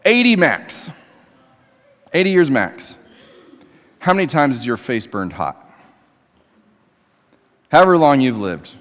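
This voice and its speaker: A man preaching a sermon in a church, talking to the congregation conversationally and moving between emphatic raised passages and quiet, low ones. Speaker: pastor. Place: church sanctuary. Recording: long reverb of a church hall.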